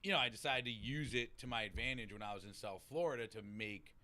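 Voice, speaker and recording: A man's voice: lowish voice, quick pace. A man with a Boston accent telling recovery stories in casual chat, swearing freely and acting out what people said. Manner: animated, swearing, acts out quotes. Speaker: podcast guest in recovery.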